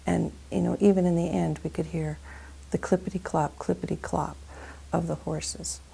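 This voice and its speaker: Gravelly low-voiced woman storyteller. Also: flat delivery, moderate pace, mellow, a little hiss or hum, low-quality recording. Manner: dramatic, dwells on sound words. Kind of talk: storytelling practice.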